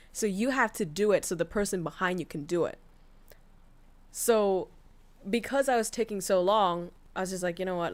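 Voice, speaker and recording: A woman streamer telling a story in casual chat, candid and profane, with many fillers and restarts. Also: medium pitch. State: tearful, voice breaking. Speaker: VTuber streamer.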